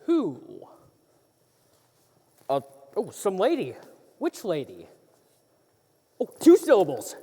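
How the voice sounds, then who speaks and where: A woman's voice: medium pitch, slow pace, long pauses, husky, full character voice. A woman playing a playful court jester in a live stage musical, guessing aloud with many fillers. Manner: animated guessing, lots of oh's and ums. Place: theater stage. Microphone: far camera. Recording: reverberant theater.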